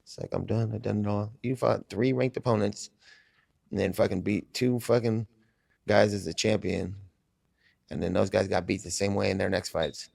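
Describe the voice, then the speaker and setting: A man's voice: fairly low pitch, fairly even intonation, normal speed, gravelly, a little mellow, no room sound, studio quality. A man casually telling a story in an interview, profane, laid-back and a bit mumbly. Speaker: interview guest.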